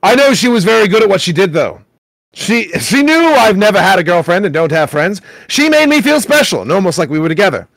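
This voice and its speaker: A man's voice: high voice, big pitch swings, fairly quick, vocal fry, fairly bright tone, no echo. A man hosting a comedy show, wryly reading forum posts aloud and laughing at them. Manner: wry, laughs at what he reads. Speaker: host reading internet posts.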